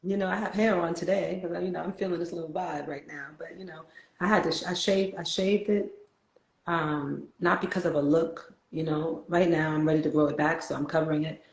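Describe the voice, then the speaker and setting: A woman with a New York accent hosting a casual spiritual chat, talkative and quick to laugh. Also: low voice, fairly even intonation, gravelly, reverberant, poor audio. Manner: chatty, laughs easily, reflective.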